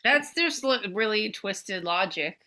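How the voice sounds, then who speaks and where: A woman's voice: medium pitch, lively intonation, slow, pushed and bright. A woman co-hosting a podcast in casual chat, blunt and playful, swearing casually. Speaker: podcast co-host.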